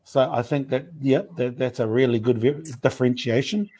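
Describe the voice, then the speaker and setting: A man talking in a relaxed, thoughtful way during a casual discussion, pausing often with fillers. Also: mid-range voice, breathy edge. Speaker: panel speaker.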